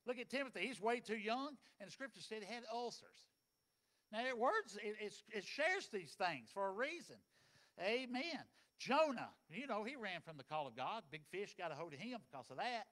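A man preaching a sermon, folksy and dynamic, swinging between loud and soft. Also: high-pitched, sing-song, moderate pace. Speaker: pastor.

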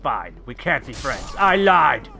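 A man giving loud, excitable gameplay commentary, shouting, joking and swearing as he plays. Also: mid-range voice, measured pace, creaky. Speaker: let's play gamer. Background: loud game music.

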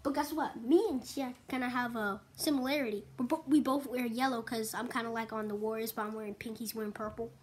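A woman's voice: a little high, fairly even intonation, fast talker, few pauses, darkish tone, close to an everyday voice. A woman voicing a boastful male Wario figure playing basketball, taunting and bragging. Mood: teasing.

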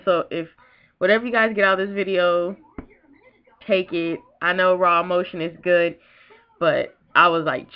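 Young woman vlogger, emotional and rambling, slightly low voice, muffled home-video sound. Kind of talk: casual vlog talk.

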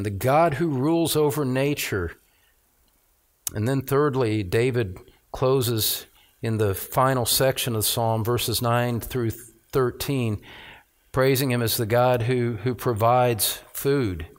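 A middle-aged man preaching a sermon, reading scripture aloud and stressing key words with rising emphasis as a pastor. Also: medium pitch. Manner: reads scripture aloud, slowing on phrases.

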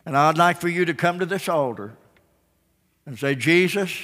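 Pastor preaching an altar call. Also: male voice, on the high side, animated, moderate pace. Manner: calls out names loudly, then drops to soft pleading. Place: large church sanctuary. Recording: church broadcast with long reverb.

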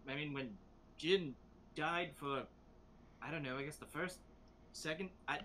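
A young man playing in a casual tabletop game, hesitant and halting. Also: a little high, a bit bright, slight background noise.

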